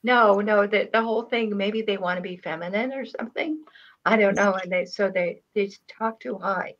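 A woman's voice: medium pitch, moderate pace. Older lady chatting, lots of uh's and restarts, kinda dull lo-fi sound. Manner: rambling, hesitant storyteller. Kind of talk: casual chat.

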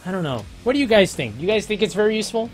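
A man streaming a fighting game, casually talking through his moves to the chat and muttering to himself between bursts of excitement. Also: sits high, very fast. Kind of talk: casual live stream commentary. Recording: music playing behind the voice.

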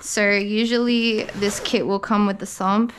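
Gushing slow-talking young woman vlogger. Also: mid-range voice, little pitch movement, noisy background. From Australia. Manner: gushing, swears often, slow-paced. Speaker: car vlogger. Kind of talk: excited unboxing vlog.

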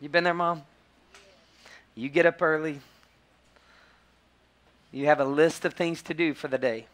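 A man, preaching a sermon as a pastor and telling stories with lively quoted voices. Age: 40s. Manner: animated storytelling, acting out quotes in high voices.

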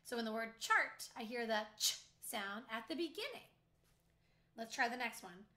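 A woman teacher leading a phonics lesson for young children, clearly sounding out words letter by letter. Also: on the high side, sing-song, moderate pace, bright, forceful tone. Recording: echoey room.

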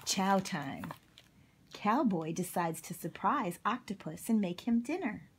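A mom reading a children's picture book aloud. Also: female voice, mid-range voice, animated, unhurried, slight background noise. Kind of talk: storybook read-aloud.

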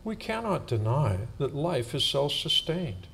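A man reading religious texts aloud at a church service, slow and solemn. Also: a little high, very animated, gravelly, fairly bright tone, slight background noise.

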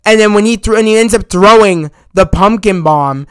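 Man, high smooth voice, dry close sound; rambling, emphatic movie reviewer full of fillers. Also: moderate pace, no echo. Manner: rambling, emphatic retelling with many fillers and casual swearing. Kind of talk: casual spoken movie review.

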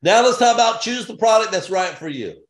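A man giving an energetic business opportunity pitch in punchy, repetitive short phrases with bursts of excitement. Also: brisk. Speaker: sales presenter. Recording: roomy echo.

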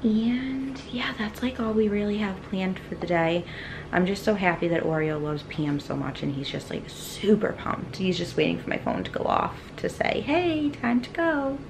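A woman's voice: on the low side, moderate pace. A young woman with a Boston accent chatting casually to her phone camera in a vlog. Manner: chatty, coos baby talk to her dog. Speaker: vlogger. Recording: noisy phone recording.

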